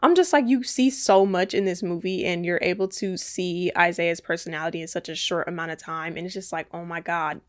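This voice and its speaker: A woman's voice: lowish voice, fairly quick, few pauses. Chatty young woman recapping a film. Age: 20s. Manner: animated, chatty retelling with lots of "like". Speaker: movie recap YouTuber. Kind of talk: casual movie recap.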